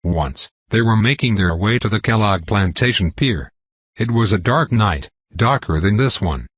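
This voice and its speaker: Grouchy older riverboat pilot with a Southern accent, folksy and rambling, a man reading him, low husky voice. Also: animated, normal speed, no echo. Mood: boastful. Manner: rambling, folksy and self-important.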